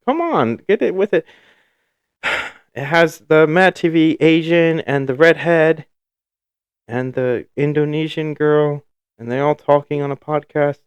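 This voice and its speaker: A man's voice: a little high, unhurried, long pauses, clean tone, no echo. A man from the United States co-hosting a podcast in casual chat, teasing and laughing often. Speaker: podcast co-host.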